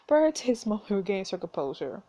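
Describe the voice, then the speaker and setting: A woman's voice: medium pitch, big pitch swings, fast, dark tone. A woman playing a story game, reading its narration aloud and making casual asides. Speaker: gameplay streamer.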